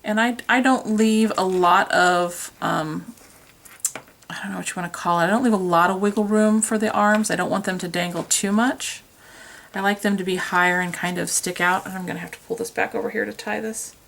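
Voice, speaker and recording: A woman's voice: medium pitch, fairly even intonation, a little fast, creaky, fairly bright tone. A woman talking casually through a craft demonstration as she works, chatty and self-deprecating, recorded by a camera on a tripod. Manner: chatty, self-deprecating, talks while working with her hands. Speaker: craft tutorial host.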